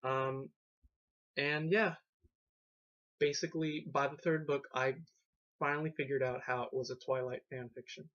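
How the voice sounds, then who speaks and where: A man's voice: mid-range voice, fairly even intonation, moderate pace, pauses often, fairly bright tone. Rambling man with muffled lo-fi sound. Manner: rambling, filler-heavy, sarcastic asides. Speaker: video book reviewer. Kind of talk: casual rambling vlog review. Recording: dull lo-fi webcam audio.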